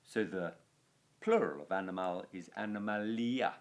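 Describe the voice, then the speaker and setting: A man's voice: low voice, moderate pace. A man teaching a Latin grammar lesson, explaining rules patiently and chanting noun endings aloud with dry asides.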